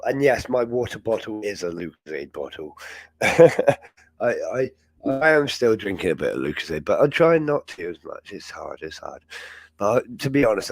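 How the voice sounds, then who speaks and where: A man's voice: on the low side, breathy edge, no room sound. A man hosting a live chat show, talking in a rambling, chatty way and laughing often. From England. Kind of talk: casual live-stream chat.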